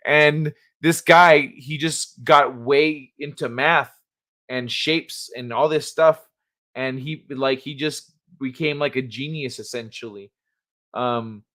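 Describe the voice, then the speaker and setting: A man's voice: mid-range voice, fairly bright tone. A man hosting a casual livestream chat from the United States, rambling and laughing as he reads chat aloud. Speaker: livestream host.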